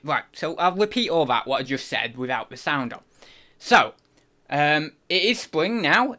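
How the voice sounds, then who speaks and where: A man's voice: on the high side, pushed and bright. A man hosting a live stream, chatting casually and rambling with self-deprecating asides. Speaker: livestream host.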